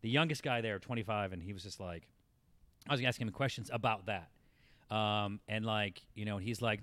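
Around forty, this man spins a lengthy story in relaxed talk, wandering off track and laughing more and more as it gets going. He speaks fairly quickly in a lowish voice, and there's no echo.

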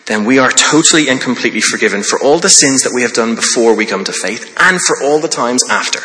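Man, pastor, sermon, earnest, conversational, lowish voice, reverberant hall. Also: sharp tone. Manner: earnest, conversational preaching with restarts.

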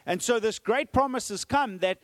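A man's voice: high voice, normal speed, big-room sound. A man in his forties preaching a sermon, acting out the quotes and checking in with "okay?" as he goes. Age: 40s. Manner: animated, acts out the quotes, asks "okay?" often. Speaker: pastor.

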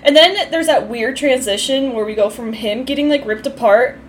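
A woman's voice: high voice, moderate pace, slight background noise. A woman co-hosting a casual podcast, chatting with a lot of profanity and frequent laughter. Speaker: podcast co-host. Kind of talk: casual chat.

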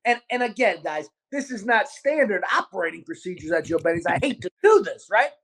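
A man with a Baltimore accent, hosting a podcast and telling a restaurant story in a loud, profane, animated way. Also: high-pitched, a little fast, slight background noise. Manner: animated, profane, acts out quotes. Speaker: podcast host, restaurant owner. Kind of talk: casual storytelling chat.

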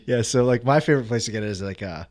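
A man's voice: mid-range voice, very fast, a little mellow, dry recording. A middle-aged man chatting as a podcast guest, rambling through stories and laughing often. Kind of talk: casual chat.

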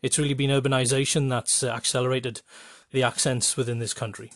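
A man with a North East English accent hosting a podcast, rambling with many pauses and restarts. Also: medium pitch, flat delivery, dry recording, clean studio sound. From North East England. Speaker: podcast host. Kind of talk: casual monologue with a dialect reading.

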